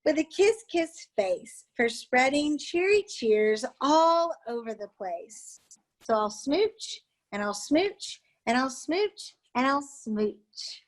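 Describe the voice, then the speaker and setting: A woman's voice: high-pitched, big pitch swings, slow pace, voice pushed up, exaggerated voice, low-quality recording. A woman reading as Mister Fish, a glum pouting fish. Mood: delighted. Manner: sing-song rhyming refrain. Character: glum pouting male fish, gloomy and resigned.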